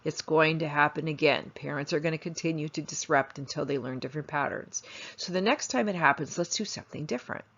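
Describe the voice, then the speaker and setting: A family therapist and instructor talks fast in a deep voice with a breathy edge, telling stories in a lecture and animatedly acting out the quoted voices. The recording is lo-fi and dull.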